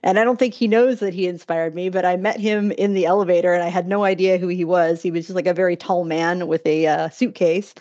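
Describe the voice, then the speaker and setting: A woman's voice: lowish voice, fairly even intonation, dark tone, no echo. Chatty woman podcast host, lo-fi sound. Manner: chatty, quick anecdotal delivery. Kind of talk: casual interview chat.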